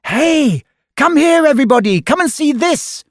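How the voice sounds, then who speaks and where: Man doing a naughty little girl, high, loud, taunting, mischievous. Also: sing-song, slow pace, no room sound, clean studio sound, full character voice.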